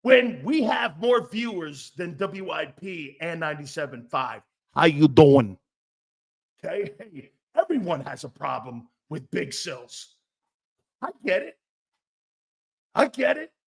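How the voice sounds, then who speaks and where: Brash, swearing sports show host. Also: male voice, high voice, creaky. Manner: brash, profane, loud outbursts and mocking asides. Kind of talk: live-stream sports talk, reading chat comments.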